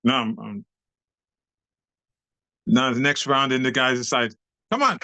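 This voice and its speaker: Older man, gravelly, dry close sound, animated street-slang storyteller. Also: medium pitch, unhurried, no echo. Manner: lively, acts out other voices, street slang and cursing. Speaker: interview guest, nightclub dancer.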